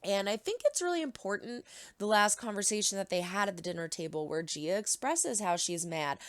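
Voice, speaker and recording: A woman's voice: medium pitch, animated, brisk, dry recording. A woman hosting a reaction video, giving earnest, emotional commentary in a casual way.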